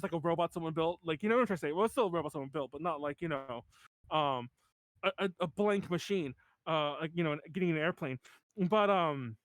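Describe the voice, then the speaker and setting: High-voiced rambling podcast host man. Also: fairly bright tone, no room sound. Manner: rambling, many fillers and restarts. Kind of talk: casual podcast chat.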